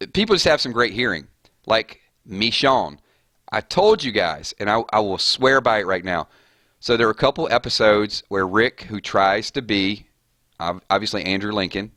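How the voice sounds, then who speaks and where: Male gaming streamer, lowish bright voice, rambling and chatty, dry close sound. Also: no room sound. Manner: rambling, off on tangents. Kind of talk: casual chat while streaming.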